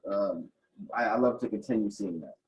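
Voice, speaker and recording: A man's voice: on the low side, moderate pace, darkish tone, rough recording. A man in an interview, speaking emphatically, often repeating words and saying "you know". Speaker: interviewee, community organizer. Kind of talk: casual conversational interview.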